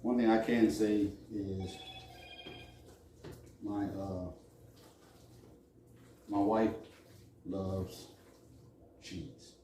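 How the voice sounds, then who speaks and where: Low-voiced joking man cooking in an echoey kitchen. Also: fairly even intonation, drawn-out words, pauses often, mellow, recorded from a distance, slight background noise. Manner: chatty, joking asides to viewers. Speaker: cooking show host. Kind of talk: casual cooking demonstration.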